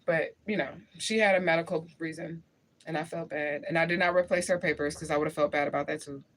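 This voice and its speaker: Her voice is low-pitched and fairly even, moving a little fast against slight background noise. She's a St. Louis, Missouri woman in her forties hosting a livestream, bluntly answering comments in slangy live chat and laughing often.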